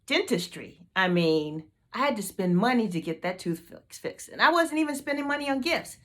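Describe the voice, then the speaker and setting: A woman's voice: medium pitch, big pitch swings, normal speed. A woman hosting a motivational team meeting video, fired up and emphatic, repeating her questions to the group.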